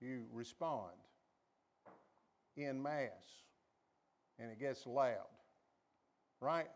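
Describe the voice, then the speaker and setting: A man preaching a sermon as a pastor, calling on the congregation to repeat after him and acting out quoted voices with sudden high jumps in pitch. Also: very slow.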